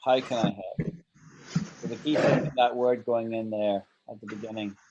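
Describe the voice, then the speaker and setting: A man's voice: on the low side, steady tone, normal speed, a little mellow, highs cut off, a little hiss or hum. A man teaching an online English grammar lesson, patiently walking through example sentences and checking that his students follow.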